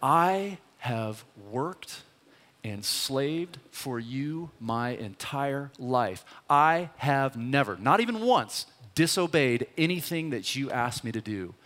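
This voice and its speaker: A man's voice: mid-range voice, lively intonation, slow pace, a bit bright. A man voicing a resentful older brother who complains to his father in an indignant, aggrieved way. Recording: long hall reverb.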